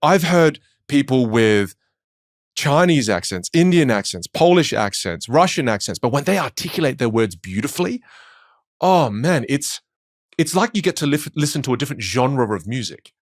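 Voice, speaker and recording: A man's voice: mid-range voice, normal speed, dry recording, studio quality. An Australian man, a communication coach, talking in an interview and telling stories with voices. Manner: animated storytelling, puts on voices. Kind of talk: conversational interview.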